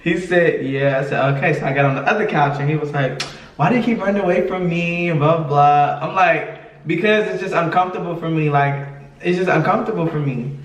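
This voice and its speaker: This podcast co-host speaks a little fast in a voice on the high side. He's animated as he tells his story casually, voicing the quoted dialogue himself and laughing frequently, captured from afar in an echoey room.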